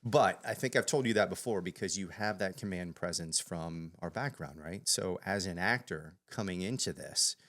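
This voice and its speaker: A man co-hosts a casual interview show. His voice is deep, and he chats in a joking, teasing tone. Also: normal speed, hardly any pauses, fairly bright tone. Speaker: podcast co-host.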